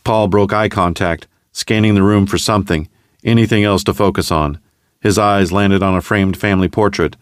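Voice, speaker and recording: Deep-voiced male storyteller. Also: smooth, dry recording, clean studio sound. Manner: steady, measured storytelling. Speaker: narrator. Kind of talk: scripted narration.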